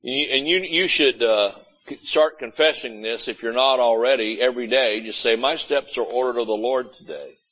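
A man's voice: medium pitch, moderate pace, fairly bright tone, rough recording. A man preaching a sermon as pastor, folksy and blunt, often mimicking complaining churchgoers. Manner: folksy, blunt preaching with mocking quoted voices. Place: church sanctuary.

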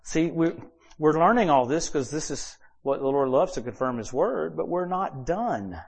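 A man preaching in a church service, with a somewhat high speaking voice. He tells personal stories in an animated way, acting out what people said, and his loudness jumps without warning. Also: moderate pace, gravelly, slightly rough. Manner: animated storyteller who acts out quoted dialogue with sudden shifts in loudness. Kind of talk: sermon storytelling.

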